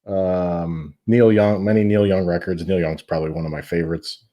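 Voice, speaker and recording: A man joins a podcast as a guest over a remote call from home. His voice sits low and sounds warm and relaxed, and he talks in an easygoing, friendly way. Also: moderate pace. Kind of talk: casual podcast chat.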